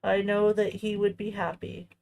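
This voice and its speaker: A woman hosting a crafting channel, chatting casually in a tender, reflective way, often halting and restarting her sentences. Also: medium pitch, level tone, vocal fry, a little mellow, a little hiss or hum, low-quality recording. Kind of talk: casual chat while crafting.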